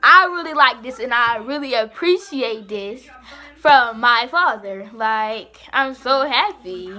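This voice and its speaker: A young woman, chatting excitedly and breathlessly in a casual vlog. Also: a little high, slow pace. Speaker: vlogger.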